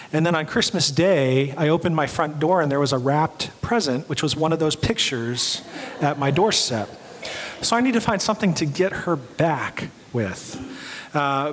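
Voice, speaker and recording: A young adult man giving a sermon as a pastor, telling stories and acting out the quoted voices. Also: fairly high pitch. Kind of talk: sermon storytelling. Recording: long hall reverb.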